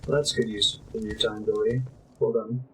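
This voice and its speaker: Background noise runs under this young man's lowish, fairly flat voice as he streams a game from home at a moderate pace. Chatty throughout, he talks to his viewers while playing and curses at the game from time to time.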